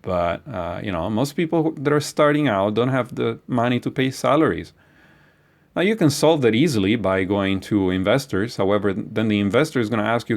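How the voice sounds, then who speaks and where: Blunt, animated male lecturer. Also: lowish voice, fairly quick. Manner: blunt and animated, with hesitations and profanity. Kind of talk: informal lecture.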